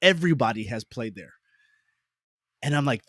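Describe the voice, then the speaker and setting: A man in a relaxed podcast chat tells a story with lively, emphatic repeats and jokes at his own expense. His voice sits at an ordinary middle pitch for a man. The recording is dry and close, with no room echo. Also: moderate pace. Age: adult parent. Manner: animated, emphatic repetition; self-deprecating humor. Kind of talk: casual conversational storytelling.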